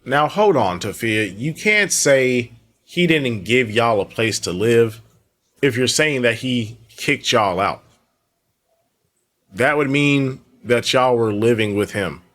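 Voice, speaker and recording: A man's voice: medium pitch, lively intonation, slow, a bit bright. A man hosting a reaction commentary, speaking in a sarcastic, mocking way. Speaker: commentary host.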